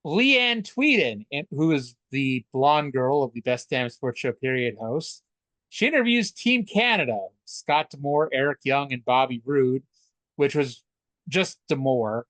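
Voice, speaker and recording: A man's voice: medium pitch, lively intonation, measured pace, a bit bright, dry recording. A man co-hosting a casual wrestling podcast, chatty and stammering through restarts, swearing freely. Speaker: podcast co-host. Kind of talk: casual wrestling recap chat.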